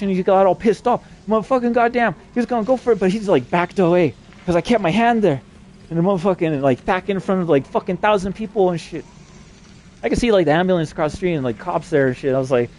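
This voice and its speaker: A man's voice: sits high, darkish tone, a little hiss or hum. A man rambling through a personal story in a profane, casual way. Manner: profane, rambling, fast-talking.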